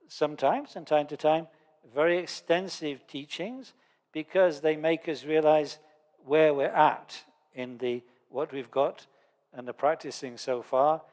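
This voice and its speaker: A man's voice: fairly high pitch, darkish tone. Male Buddhist teacher in a reverberant hall. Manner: conversational storyteller with dry humour. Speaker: Buddhist lama teaching a course. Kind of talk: Dharma teaching lecture.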